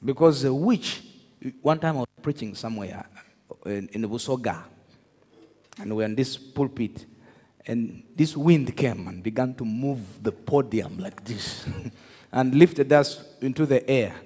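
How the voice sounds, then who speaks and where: A man preaching a sermon, telling stories with laughter and shouting out to his congregation. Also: mid-range voice, measured pace, husky. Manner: animated storytelling, laughs, shouts to the crowd. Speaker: pastor. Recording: echoey hall with long reverb.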